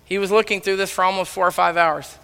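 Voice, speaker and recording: A man preaching a sermon, loudly telling stories and acting out the dialogue. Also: sits high, steady tone, fast, vocal fry, clean tone. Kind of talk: sermon storytelling. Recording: long reverb of a large hall.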